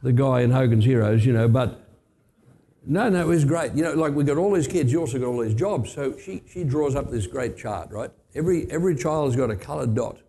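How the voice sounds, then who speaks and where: A middle-aged Australian man preaching a sermon, telling blunt, emphatic stories and jumping up in pitch to stress a point. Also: animated, brisk, warm tone. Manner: blunt, emphatic storytelling with sudden rises for stress. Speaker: pastor. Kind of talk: sermon with personal anecdotes.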